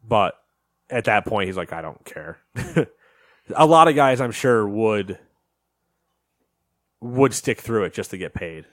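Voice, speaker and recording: Low-voiced guy on a podcast chat, animated storyteller, dry close sound. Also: slow pace, long pauses, dry recording. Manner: animated storytelling, acts out quotes. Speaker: podcast co-host. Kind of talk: casual chat.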